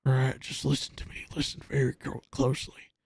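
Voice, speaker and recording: In a whispered role-play, a man plays an intense male wrestler who leans in and speaks in a low, slow, drawn-out hush. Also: completely flat delivery, vocal fry, breathy edge, no room sound. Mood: menacing hush. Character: menacing wrestler leaning in, hushed and intense.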